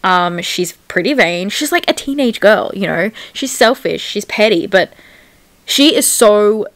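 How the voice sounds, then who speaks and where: Young woman, book vlogger, gushing and effusive, middle pitch, dry close sound. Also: lively intonation, unhurried, dry recording. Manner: gushing, effusive, lots of "like" fillers. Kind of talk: casual reading vlog chat.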